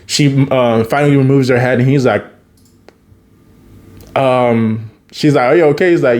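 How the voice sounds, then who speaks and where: A man's voice: mid-range voice, normal speed, a little mellow. A man casually retelling a TV episode, chatty, laughing often and acting out the characters' lines. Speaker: TV episode recapper.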